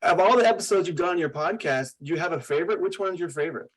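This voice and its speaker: A man with an American accent co-hosting a podcast, casually interviewing a guest in a relaxed, friendly way. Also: high voice, rapid-fire, low-quality recording. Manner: relaxed, friendly, loose with "like" and "you know". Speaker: podcast co-host.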